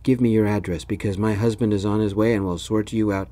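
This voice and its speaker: A man's voice: on the low side, fairly even intonation, fast, mellow, close to an everyday voice. A man voicing a demanding, overbearing middle-aged mother who gives orders, in a whispered role-play. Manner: commanding.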